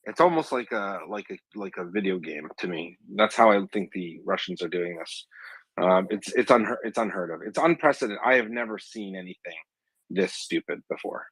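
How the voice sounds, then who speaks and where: A man's voice: sits low, lively intonation, moderate pace, a bit bright, husky, no echo, poor audio. A man talking bluntly and scornfully in a casual live audio chat, with dry jokes. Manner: dry joking. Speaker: guest commentator.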